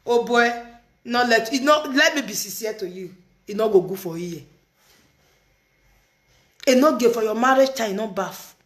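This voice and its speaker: A woman's voice: fairly high pitch, a bit bright. A woman speaking Nigerian Pidgin in casual chat, teasing and laughing often as she reacts to a video. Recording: roomy echoey room.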